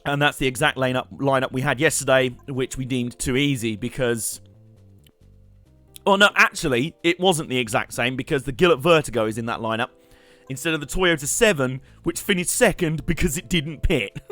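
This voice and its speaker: A man's voice: mid-range voice, normal speed, a bit bright, soft background music. A young man, chatting and joking while commentating his live gameplay stream. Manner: chatty, joking, rambling asides with laughs.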